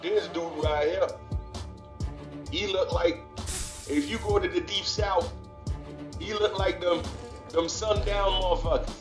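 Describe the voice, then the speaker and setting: Slow, emphatic high-voiced man reacting. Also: steady tone. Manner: emphatic, profane, laughs often. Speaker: reaction channel host. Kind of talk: casual reaction commentary. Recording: echoey room with music behind.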